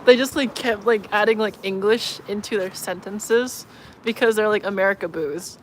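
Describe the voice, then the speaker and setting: A woman's voice: mid-range voice, moderate pace, slight background noise. A woman vlogger telling a story in casual chat, laughing often and filling her speech with "like". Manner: laughs often, lots of filler "like".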